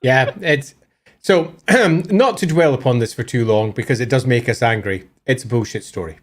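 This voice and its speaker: A man co-hosting a live lore stream, excitable and swearing, acting out scenes as he explains. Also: mid-range voice, normal speed.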